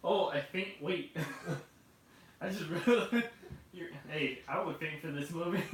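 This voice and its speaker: A man chatting casually about movies, animated and laughing often, with many restarts. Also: on the high side, slow pace. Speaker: movie discussion host. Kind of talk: casual chat. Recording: echoey room, far from the mic, faint noise.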